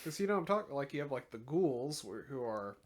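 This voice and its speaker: A man's voice: medium pitch, big pitch swings, a little fast, slight background noise. A man sits in as a guest on a casual podcast. He asks curious questions and throws in light jokes. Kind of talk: casual chat.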